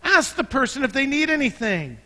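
A man's voice: very high voice, very animated, a little fast, pushed and bright, big-room sound. A man preaching a sermon as pastor, talking conversationally and joking as he tells stories. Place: church sanctuary.

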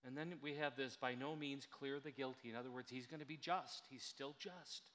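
A man preaching a sermon as a pastor, earnest and emphatic, slowing down to stress key words. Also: mid-range voice, fairly even intonation, a bit bright, long reverb tail.

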